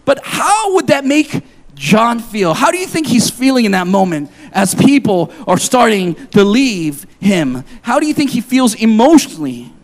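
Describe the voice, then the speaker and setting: A man in his forties preaches a sermon with a high, bright-sounding voice that swoops up and down in pitch. He moves between reading scripture and telling a personal story, joking and confessional, his voice jumping up in excited asides. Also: moderate pace. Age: 40s. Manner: animated, jokey, confessional storytelling. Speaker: pastor.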